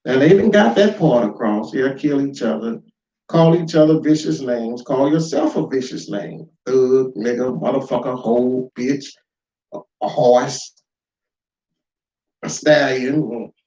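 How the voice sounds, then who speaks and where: A man giving an informal spoken lesson, emphatic and full of rhetorical questions, swinging between loud and quiet. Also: medium pitch, measured pace, distant mic. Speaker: lecturer. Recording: echoey room, dull lo-fi sound.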